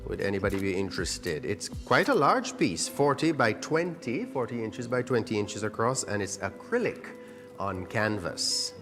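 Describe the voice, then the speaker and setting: A man's voice: fairly low pitch, sing-song, normal speed. A man working as auctioneer, coaxing bids in an upbeat, chatty way. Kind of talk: live charity auction calling. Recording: long hall reverb with music behind.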